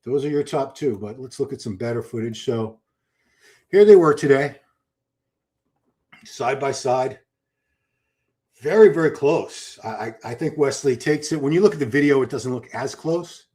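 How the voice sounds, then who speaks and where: A man's voice: mid-range voice, moderate pace, pauses often, mellow. A man hosting a live stream, giving chatty, enthusiastic commentary and reading viewer questions aloud. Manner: chatty, enthusiastic, restarts a lot. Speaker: livestream host.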